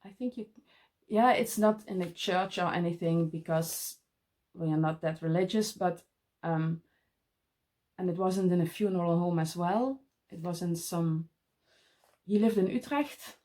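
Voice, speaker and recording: A middle-aged woman with a Dutch accent, showing her cross-stitch in a casual vlog and often pausing to find her English words. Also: lowish voice, mellow. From Netherlands. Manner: halting, searching for English words. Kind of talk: casual show-and-tell vlog.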